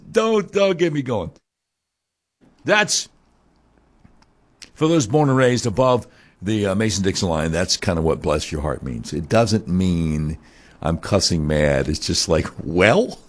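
A man with a Southern accent hosting a political talk radio show in a folksy, sarcastic manner. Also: deep voice. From Arkansas. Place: radio studio.

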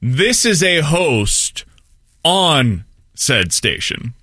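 A man co-hosting a casual sports podcast, chatty and expressive. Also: a little high, drawn-out words, husky, no echo, studio quality. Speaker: podcast co-host.

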